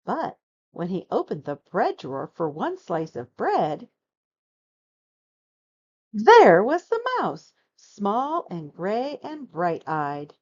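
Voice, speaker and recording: Slow, expressive woman reading a storybook. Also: fairly low pitch, muffled recording. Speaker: storybook narrator. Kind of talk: children's storybook read-aloud.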